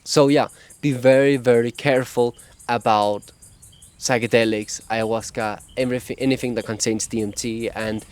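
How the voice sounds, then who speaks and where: A man's voice: mid-range voice, steady tone, normal speed, clean tone. A man with a cadence, talking earnestly and openly about his own experience in a personal vlog. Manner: earnest, open, laughs now and then. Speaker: vlogger sharing meditation advice. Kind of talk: casual personal talk to camera.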